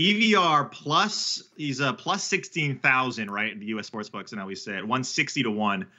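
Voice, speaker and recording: Guy on a podcast riffing on betting picks, super bright voice, kinda dull lo-fi sound. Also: mid-range voice. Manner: fast, rambling, self-correcting with fillers. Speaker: sports betting analyst guest. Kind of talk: casual podcast betting talk.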